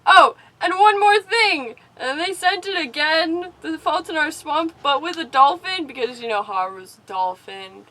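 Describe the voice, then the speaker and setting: A young woman with a high voice tells a story on her vlog. She is animated and chatty and giggles between her lines. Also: moderate pace, hardly any pauses, low-quality recording. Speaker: vlogger. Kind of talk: casual storytelling.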